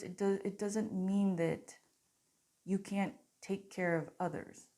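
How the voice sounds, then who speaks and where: A woman giving a channeled oracle card reading straight to her viewers, in an earnest, softly conversational way. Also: medium pitch. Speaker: spiritual card reader.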